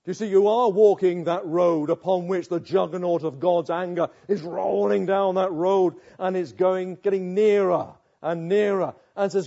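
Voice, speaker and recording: A man preaching a sermon with urgency, swinging from loud warnings to hushed asides. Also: sits high, fairly even intonation, moderate pace, creaky, few pauses, lo-fi sound.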